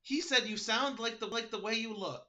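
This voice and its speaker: A man's voice: extremely high pitch, normal speed. A man running a tabletop game over a video call, laughing often between his rulings. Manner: giggly, animated. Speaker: game master.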